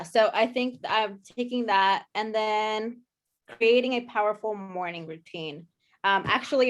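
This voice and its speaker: Chatty woman sharing on a coaching call. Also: mid-range voice. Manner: chatty, candid, with frequent ums and laughs. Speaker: coaching participant. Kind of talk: casual sharing in a group call.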